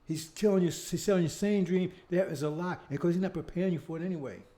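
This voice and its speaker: A man's voice: sits high, quick pace, mellow. A man preaching a monologue who talks with heavy emphasis, repeats himself and keeps asking "See?". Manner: emphatic, repetitive, asks "See?" often; rhetorical questions and mocking asides. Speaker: speaker leading his own show.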